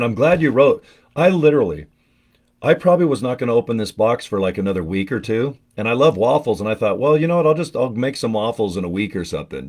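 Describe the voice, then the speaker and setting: A man with a somewhat low voice talks loosely to his viewers, wandering from story to story. He cracks crude jokes and laughs often as he chats. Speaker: vlogger opening a gift on camera. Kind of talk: casual live-stream chat.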